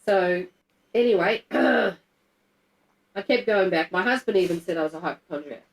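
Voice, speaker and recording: A woman's voice: fairly low pitch, expressive, moderate pace, low-quality recording. A middle-aged woman, telling a personal story to a group in a candid, blunt and emotional way, swearing freely. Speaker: guest telling her story.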